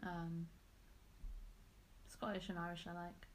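A young English woman co-hosting a casual chat, giggly and animated, swearing freely. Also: lowish voice, slow, a little hiss or hum. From England. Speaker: podcast co-host.

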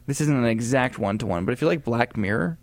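A man co-hosting a casual gaming podcast, talking in a chatty, rambling way with animated asides. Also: mid-range voice, fast talker, no echo. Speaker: podcast co-host.

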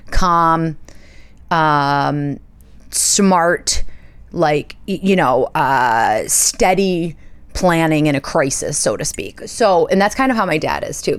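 Woman, 30s, podcast host, casual storytelling, dramatic, chatty, slightly low voice.

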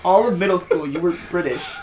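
A man's voice: high voice, a little fast, a little mellow, roomy sound. A young man co-hosting a podcast, telling a story in a casual, swearing, laughing way. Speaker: podcast co-host. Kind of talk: casual group chat.

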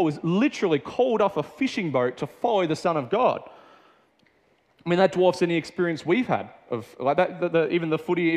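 Young Australian man, chatty preacher with a slightly high voice; long reverb from the hall. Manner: casual and chatty, with many fillers and restarts. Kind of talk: sermon.

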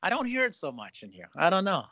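A man's voice: sits high, wildly swooping pitch, fast talker, bright, forceful tone, dry recording, lo-fi sound. A man hosting a podcast, chatting casually, joking and riffing in long run-on thoughts. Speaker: podcast host. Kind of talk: casual interview chat.

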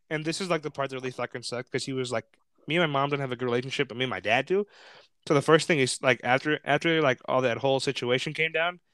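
A man's voice: mid-range voice, fairly bright tone, smooth, no room sound, clean studio sound. A young man telling a story in casual chat, swearing often, laughing, and acting out what others said. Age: young adult.

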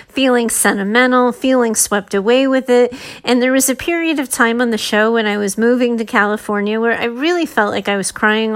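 A woman's voice: mid-range voice, a bit bright. A woman hosting a podcast, giving candid advice in a casual, chatty way with plenty of fillers. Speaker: podcast host.

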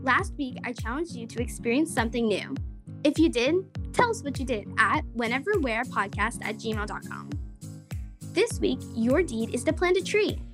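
A woman narrating a children's story and hosting a short segment, in an expressive, friendly way. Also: on the high side, moderate pace, music in the background.

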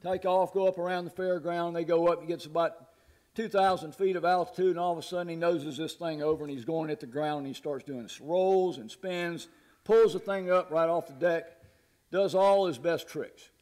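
A man preaching with a folksy, storytelling manner, moving easily from joke to scripture. His speaking voice sits a little high for a man. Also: moderate pace, darkish tone. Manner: folksy, laughs at his own jokes. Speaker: pastor. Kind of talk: sermon with a humorous story.

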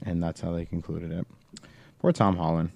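A man's voice: sits low, flat delivery, normal speed, gravelly, warm tone, no echo. A man hosting a casual chat, rambling and filling his talk with "like". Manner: rambling, fills speech with "like".

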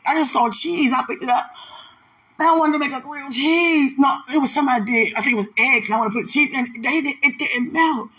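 A speaker in a casual faith-filled monologue who laughs often, teases and keeps asking whether the listener understands, and who acts out quoted voices in a raised pitch. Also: brisk, pushed and bright, rough recording. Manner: laughs often, teasing, repeats "you understand?".

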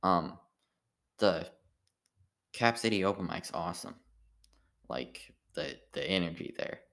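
A tired man with a very deep, gravelly voice talks in a loose, meandering monologue. He stops and restarts often, trailing off and circling back as if thinking aloud. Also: fairly bright tone. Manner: meandering, halting, full of restarts and filler. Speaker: amateur stand-up comedian. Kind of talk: rambling casual monologue.

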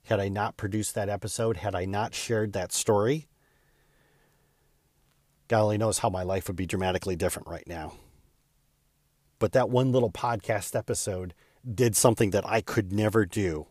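A middle-aged man tells a personal story with earnest, heartfelt feeling. His voice sits on the low side, and his pace quickens and eases with the emotion. The sound is dry and close, with no room echo. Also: darkish tone. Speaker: real estate agent and podcaster.

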